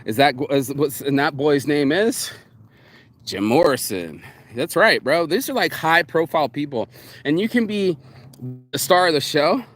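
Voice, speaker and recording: A man's voice: a little high, expressive, unhurried. A man vlogging in a casual, rambling monologue, profane and streetwise, calling the listener bro. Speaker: vlogger and shirt designer.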